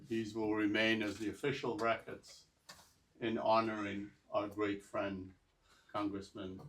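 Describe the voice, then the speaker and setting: Halting man hosting, heard from afar. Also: fairly low pitch, gravelly. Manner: halting, with many filler pauses. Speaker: event organizer and host. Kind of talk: hosting a memorial gathering. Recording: voice from some distance off the mic.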